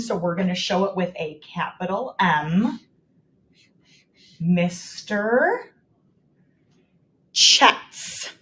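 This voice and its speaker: A woman teacher modeling writing for young children, slowly and clearly sounding out each word and leading the class to repeat. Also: mid-range voice, fairly bright tone. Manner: slow, exaggerated sounding out of words.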